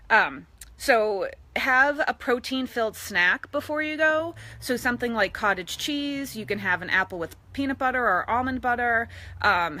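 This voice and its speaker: A bright, crisp-voiced middle-aged woman talks straight to her viewers in a live social media video. She pitches a little high and keeps things chatty, slipping into playful voiced asides as she shares fitness tips. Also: no room sound. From East Boston, USA. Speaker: fitness coach.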